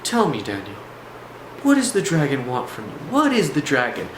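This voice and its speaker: A man voicing a calm older male shaman teacher who asks slow, low, insistent questions, recorded in an echoey room. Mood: probing. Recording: echoey room, faint background noise.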